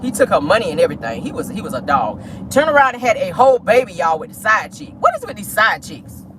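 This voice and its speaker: A woman's voice: medium pitch, fast talker, noisy background. A woman vlogger chatting sassily about celebrity gossip from her car, calling listeners "honey" often. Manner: sassy, animated, says "honey" often. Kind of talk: casual celebrity gossip chat.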